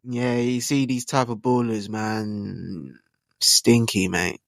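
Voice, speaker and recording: Slangy young man, gravelly voice. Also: lowish voice, fairly even intonation, slow pace, a bit bright, dry recording. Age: 20s. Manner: slangy, rambling, asks rhetorical tag questions. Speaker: football channel host. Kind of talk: casual football opinion monologue.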